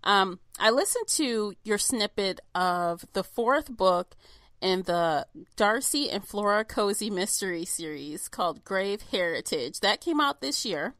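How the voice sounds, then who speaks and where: A woman's voice: medium pitch, animated, a little slow, a bit bright, dry recording. A woman podcast host asking friendly, enthusiastic interview questions. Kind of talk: interview chat.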